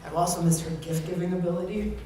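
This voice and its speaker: Quick-paced and high-pitched, with fairly even intonation, a man delivers a eulogy at a memorial, laughing along as he chattily tells a funny story. The gathering fills a large room, and he's recorded from a distance amid strong echo and heavy noise.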